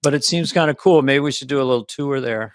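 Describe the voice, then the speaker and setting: A man co-hosting a podcast in casual chat, talking in an animated, playful way and slipping into quick impressions. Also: mid-range voice, dry recording, clean studio sound. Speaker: podcast co-host.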